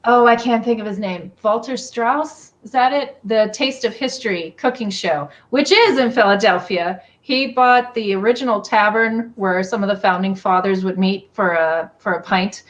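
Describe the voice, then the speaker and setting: A woman with an Appalachian accent, a storyteller guest in a casual chat on a video call, talkative and animated. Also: medium pitch, moderate pace, few pauses. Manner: talkative, animated, many fillers.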